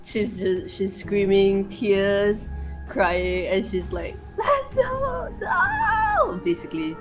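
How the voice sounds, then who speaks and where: A woman's voice: medium pitch, level tone, takes it slowly, a little mellow, low-quality recording. A woman talks her way unhurriedly through a horror tabletop game, giggling as she describes her character. Faint music sits under her voice. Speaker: player. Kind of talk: casual tabletop role-play.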